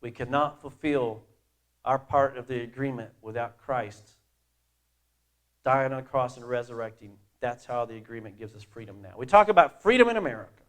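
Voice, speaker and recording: A middle-aged man preaching a sermon as pastor, conversational and animated, swinging from loud emphasis to quiet asides. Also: mid-range voice, normal speed.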